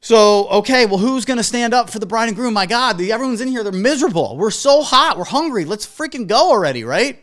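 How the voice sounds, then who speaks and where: A man who works as a wedding DJ, telling a story as advice to other DJs in an animated, emphatic way with casual swearing. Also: sits high, brisk, hardly any pauses.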